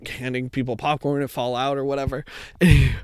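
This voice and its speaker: A young man co-hosting a casual podcast, telling stories in a rambling way full of "like" and laughter, jumping up in pitch when he acts out what friends said. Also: little pitch movement, a little fast, clear, resonant tone, no room sound. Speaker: podcast co-host. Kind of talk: casual chat.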